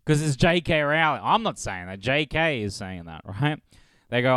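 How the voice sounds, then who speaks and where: Man, comedy podcast host, smooth resonant voice, dry close mic, rambling, profane. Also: mid-range voice, animated, normal speed, a bit bright, no room sound. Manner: profane, rambling, laughing at own jokes. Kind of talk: solo comedy podcast rant.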